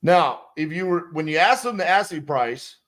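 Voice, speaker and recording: A man's voice: fairly high pitch, lively intonation, moderate pace, fairly bright tone. A man coaching sales who breaks down a calling script bluntly and emphatically, with some profanity. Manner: acts out both sides of phone calls. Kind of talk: instructional commentary on a sales script.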